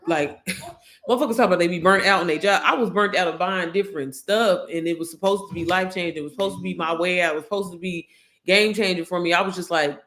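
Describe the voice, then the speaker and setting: A woman's voice: fairly low pitch, a bit bright. A woman YouTuber telling a story to her viewers, candid and slangy, swearing freely and calling them y'all.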